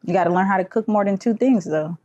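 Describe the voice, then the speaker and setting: A woman's voice: mid-range voice, fast talker, dull audio. A young woman co-hosting a casual podcast, telling stories animatedly and acting out voices. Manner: animated storyteller who does voices. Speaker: podcast co-host. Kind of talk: casual chat.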